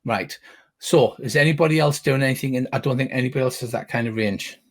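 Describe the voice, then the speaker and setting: A man's voice: mid-range voice, quick pace, slight background noise. A middle-aged man narrating as game master, rambling with frequent restarts and casual swearing.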